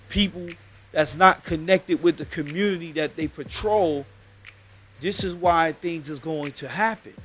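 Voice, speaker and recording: A high-pitched man, speaking casually but emphatically and swearing freely. He tells a personal story on a live podcast in a studio. Faint music plays in the background. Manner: emphatic, heated, swears often.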